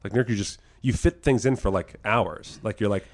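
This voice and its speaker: A man co-hosting a podcast in casual chat, telling animated stories, acting out quotes and swearing freely. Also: on the low side, fast talker, few pauses. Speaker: podcast co-host.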